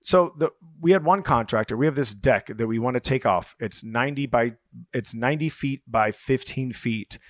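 A man's voice: medium pitch, moderate pace, dry recording, clean studio sound. A man co-hosting a podcast, chatting casually, rambling and swearing as he retells stories with quoted voices. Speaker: podcast co-host. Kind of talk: casual chat.

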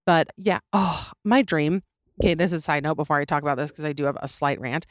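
A woman's voice: sits low, steady tone, dry recording, clean studio sound. Opinionated young woman podcast host. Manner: opinionated, sarcastic, quick to laugh. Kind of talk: casual comedic podcast monologue.

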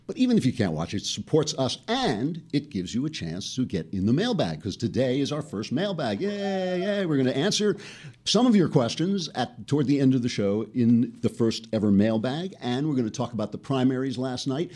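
A man's voice: medium pitch, sing-song, brisk, darkish tone, breathy edge. A man hosting a podcast, delivering a sarcastic, mocking comic monologue. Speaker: podcast host.

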